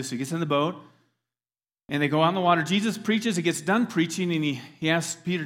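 A male pastor preaching in a casual, conversational way with a slightly higher-than-average voice. He speaks emphatically and often turns to ask his listeners questions. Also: quick pace. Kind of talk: sermon.

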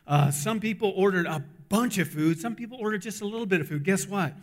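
Animated preacher man telling a story. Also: high-pitched, quick pace. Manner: animated storyteller, acts out voices in dialogue; earnest, urgent appeal to the audience. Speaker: pastor. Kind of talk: sermon with storytelling.

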